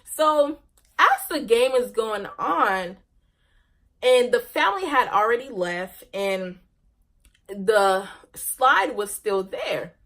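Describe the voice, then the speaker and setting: A woman's voice: fairly high pitch, expressive, slow pace, fairly bright tone. A young woman vlogger telling a casual personal story, laughing often and ending on a faith message.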